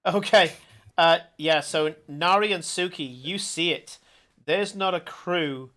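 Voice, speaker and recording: Animated game master, higher voice. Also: male voice, slow pace. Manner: animated, shouting out character lines. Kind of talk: narrating a tabletop game.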